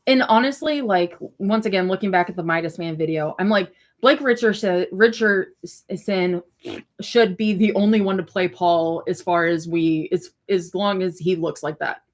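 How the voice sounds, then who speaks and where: A woman's voice: on the low side, moderate pace, few pauses. Chatty woman hosting a casual livestream. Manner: rambling and animated, with frequent fillers and swearing. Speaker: livestream host. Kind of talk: casual livestream chat reacting to viewer comments.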